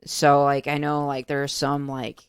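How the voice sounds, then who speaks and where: Low-voiced blunt woman podcast host. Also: completely flat delivery, normal speed, smooth, dry recording, studio quality. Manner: blunt, profane, incredulous. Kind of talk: casual podcast chat.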